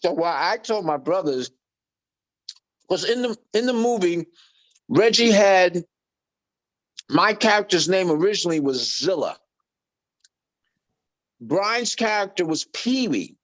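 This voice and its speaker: A middle-aged man, a guest on an interview podcast telling animated stories and acting out quoted voices. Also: high voice, unhurried, long pauses. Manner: lively anecdotes, acts out quoted voices. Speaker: guest musician.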